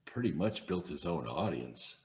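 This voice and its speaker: A man's voice: a bass voice, animated, moderate pace, slight background noise. A middle-aged or older man, an experienced radio host, telling stories in an assured way in casual podcast chat.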